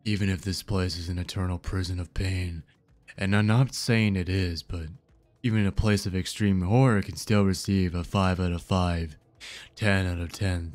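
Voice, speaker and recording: A man voicing the ocean as a grandiose, all-powerful spirit in a deep, lowered voice while reading a dating game aloud. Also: darkish tone, close to an everyday voice.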